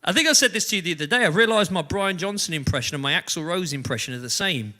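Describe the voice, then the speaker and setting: A man in a band, chatting casually between songs in a lively way and laughing often. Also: sits high, fast talker, a little hiss or hum. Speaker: band member hosting a live-streamed jam.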